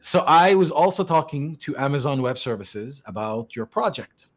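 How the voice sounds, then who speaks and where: Here a podcast host from Lebanon, a middle-aged man who works as a tech consultant, talks casually at a moderate pace. His medium-pitched voice has lively intonation, and his relaxed chatter is full of fillers and restarts.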